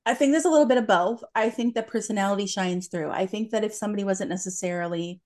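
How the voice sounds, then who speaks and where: A woman's voice: mid-range voice, fast talker, darkish tone. A young adult woman, a medium, chatting eagerly and telling stories with many fillers and restarts. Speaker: medium, podcast guest. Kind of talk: casual chat.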